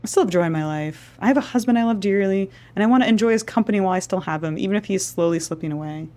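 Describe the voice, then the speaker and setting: A woman's voice: mid-range voice, rapid-fire, dark tone, lightly acted. A woman reading the lines of a proud older woman who insists on caring for her ailing husband herself, stubborn and then remorseful. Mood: defiant.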